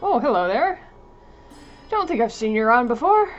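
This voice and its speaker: A woman voicing a calm, proper frontier town doctor with a measured, polite bedside manner. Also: on the high side, muffled recording, soft background music, pitched above the performer's own voice.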